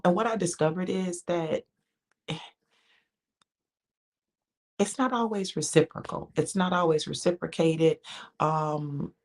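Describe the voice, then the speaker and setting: A woman's voice: deep voice, creaky. A woman ministering on a live devotional broadcast from home, talking casually with viewers, keeping her voice down and repeating her phrases.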